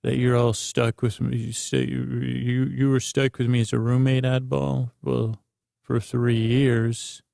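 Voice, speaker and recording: A middle-aged man rambling through an improvised bedtime story, halting and restarting often. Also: mid-range voice, little pitch movement, creaky, warm tone, no room sound, clean studio sound. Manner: meandering, halting, with many restarts. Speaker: bedtime podcast host.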